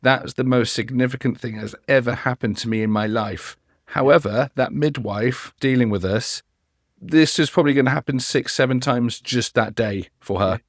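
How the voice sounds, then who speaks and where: A man who consults on customer experience talks as a podcast guest and spins anecdotes with energy. His voice sits at a typical middle pitch. He is close-miked in a dry space. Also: moderate pace, no room sound. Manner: animated storyteller. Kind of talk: conversational interview.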